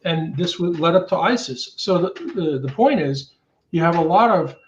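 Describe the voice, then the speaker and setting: Male academic guest, analytical, slightly high voice, roomy lo-fi remote sound. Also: animated, normal speed, slight background noise. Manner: analytical, laying out causes step by step. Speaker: guest, intelligence studies professor. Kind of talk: casual chat, explaining. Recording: roomy, dull remote audio.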